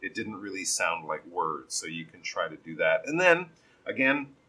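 Male speaking coach, low and slightly husky, patient feedback on a student's reading. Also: big pitch swings, sharp tone, low-quality recording. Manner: patient, explains then models sentences slowly with exaggerated stress. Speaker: pronunciation teacher.

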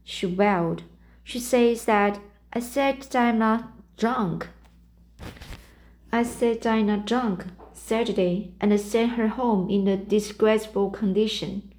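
A woman's voice: medium pitch, slow pace, darkish tone, lightly acted. A woman voicing a tearful, dramatic young girl as she reads a storybook aloud, stumbling over some words. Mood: woeful. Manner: sobbing out a tale of woe, stumbling over words.

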